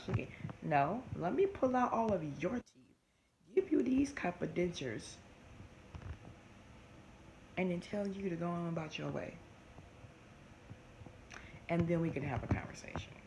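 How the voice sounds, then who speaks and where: A woman's voice: sits low, creaky. Chatty woman with noise behind. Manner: animated, talks fast with many restarts. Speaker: vlogger. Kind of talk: casual chat to camera. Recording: noisy home recording.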